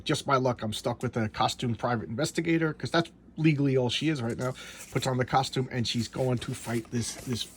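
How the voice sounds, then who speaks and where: A man's voice: medium pitch, slightly rough. A man casually reviewing an old comic book, retelling the story in a loose, rambling way with frequent restarts and asides.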